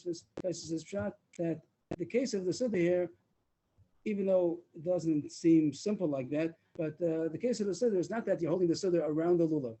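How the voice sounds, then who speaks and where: Male Talmud teacher on a video call, dark husky voice, fast delivery. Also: on the high side, poor audio. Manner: explains rapidly, mixing English with Talmudic Hebrew and Aramaic terms. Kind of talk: daf yomi Talmud class. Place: online meeting room.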